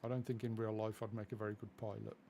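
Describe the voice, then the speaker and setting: A man's voice: on the low side, little pitch movement, fast, gravelly, mellow, slight background noise. A man from England chatting casually through a flight simulator live stream, self-deprecating and easily distracted.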